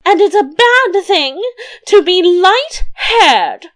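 Woman doing a shrill, weepy queen. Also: sing-song, slow pace, full character voice. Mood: screaming. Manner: high, sobbing and sharp retorts. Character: weepy, shrill middle-aged queen, quick-tempered.

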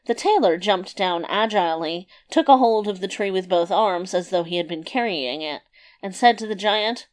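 Female narrator for a fairy tale, measured and expressive, mid-pitched. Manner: measured, expressive read-aloud delivery.

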